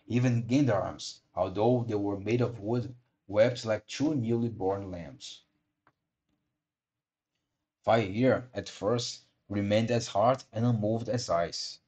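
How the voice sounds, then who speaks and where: A man narrating a classic storybook aloud in a measured pace, with occasional slips and re-reads. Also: on the low side, a little mellow. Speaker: audiobook reader.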